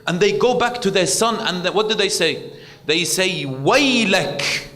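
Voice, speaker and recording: A man's voice: high-pitched, moderate pace, pushed and bright, in a large hall. A man preacher giving a sermon, talking earnestly with frequent repeated words and acted-out quotes.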